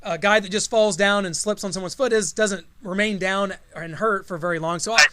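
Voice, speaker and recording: A man's voice: sits high, steady tone, brisk, background noise. A man hosting a podcast, asking earnest questions and now and then stumbling over his words. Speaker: podcast host. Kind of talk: interview questions.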